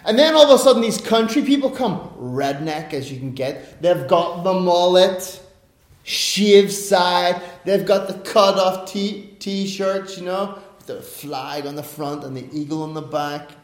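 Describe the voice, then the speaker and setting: Animated high-voiced preacher in echoey room. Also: male voice, a little slow. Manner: animated storytelling, swings from quiet asides to loud bursts. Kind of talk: sermon.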